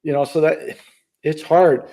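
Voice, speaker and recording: Older man with a mellow voice. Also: on the high side, steady tone. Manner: rambling, halting restarts, musing. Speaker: podcast co-host, hockey analyst. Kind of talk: casual hockey podcast chat.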